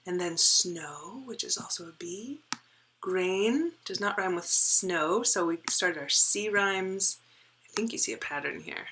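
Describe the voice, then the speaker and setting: A woman teaching a poetry lesson, explaining step by step and often checking in with "right?", dropping to a soft whisper as she reads lines aloud. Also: lowish voice, expressive, unhurried, background noise. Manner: drops to a soft whisper while reading and counting. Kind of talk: poetry lesson with board work.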